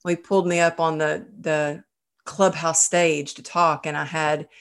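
A woman podcast host in a casual conversation, telling stories about herself in an animated, self-deprecating way. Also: deep voice, unhurried, smooth.

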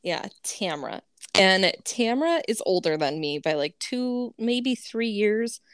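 A woman's voice: mid-range voice, sing-song, slow pace, no echo, clean studio sound. A woman casually telling a long family story, full of "like" and laughing as she goes. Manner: rambling, lots of "like", laughs mid-sentence. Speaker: podcast co-host telling a story.

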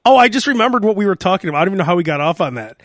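A man hosting a podcast in casual chat, animated and jumping between topics. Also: high-pitched, racing, no echo, studio quality. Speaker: podcast host.

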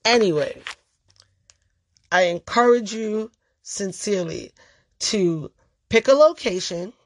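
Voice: medium pitch, slow pace, a little hiss or hum. A vlogger telling a story in a casual monologue, blunt, profane and emphatic.

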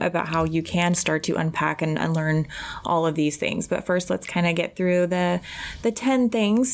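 A young woman hosting a podcast in casual conversation, reflective and self-deprecating, laughing easily at herself. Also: on the low side. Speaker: podcast host.

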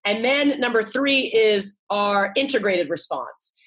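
A woman's voice: mid-range voice, lively intonation, a little slow, a bit bright. A woman in her forties, a guest author, talking earnestly in a casual interview and often restarting and repeating her words. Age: 40s.

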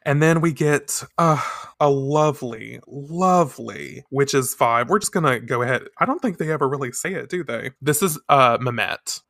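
A man's voice: medium pitch, normal speed, gravelly, few pauses, dry recording, studio quality. A man casually recapping a comic with sassy asides. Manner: animated, sassy, profane asides. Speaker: podcast co-host.

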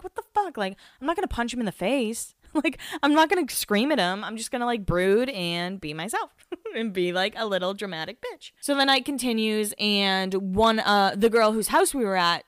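A woman's voice: medium pitch, fairly bright tone, smooth, no room sound, clean studio sound. A woman in her twenties, a podcast host, telling a personal story in a candid, casual way, swearing often and laughing at herself. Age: 20s.

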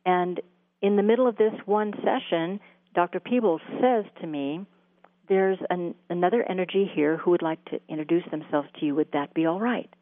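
A woman interviewed as a guest, telling a long story about her spiritual channeling in a halting way, with many fillers and restarts. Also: lowish voice. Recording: phone-like line with a dry sound.

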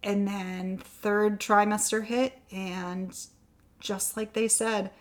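A woman guest on a podcast, telling a personal story with lively quoted dialogue that turns soft and quiet on the hard parts. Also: medium pitch, slow pace. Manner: animated, acts out quoted dialogue.

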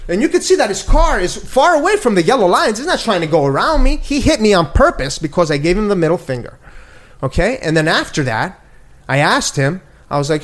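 Older man, agitated storyteller, high rapid delivery, curses, repeats lines. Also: very animated. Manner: agitated, swearing, repeats himself, acts out quotes. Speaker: guest telling his story. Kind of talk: heated casual conversation.

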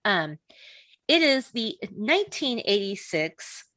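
Lively, laughing woman podcast host. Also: medium pitch, a little slow, no echo. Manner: animated, laughing often, blunt. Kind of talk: casual chat.

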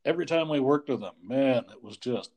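A man in casual conversation, speaking quietly and warmly agreeing while recalling a friend. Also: mid-range voice, animated, fairly quick, noisy background. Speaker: friend sharing memories.

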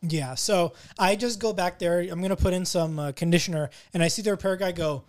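A man's voice: high voice, a little fast. A man co-hosting a casual podcast, telling a story loosely and swearing a lot. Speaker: podcast co-host, pool service worker. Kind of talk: casual chat.

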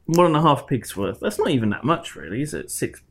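A man's voice: mid-range voice, very animated, fairly quick, creaky, breathy edge. A man co-hosting a podcast, chatting casually and joking as he tells a news story. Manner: joking, banters and riffs on stories. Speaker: podcast co-host. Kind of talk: casual chat.

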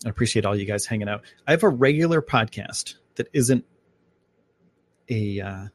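This man hosts a live podcast from his home microphone, chatting casually and wandering on about space and what he plans to do. His voice sits lowish with lively intonation at a normal speed. He's from upstate New York.

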